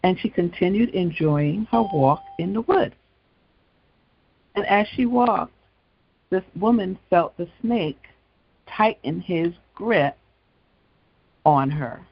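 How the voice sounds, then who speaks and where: A man's voice: sits high, lively intonation, slow, vocal fry, pauses often, breathy edge, muffled recording. A man hosting an evening gospel talk show, telling a story with casual asides. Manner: conversational storytelling, frequent asides. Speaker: host.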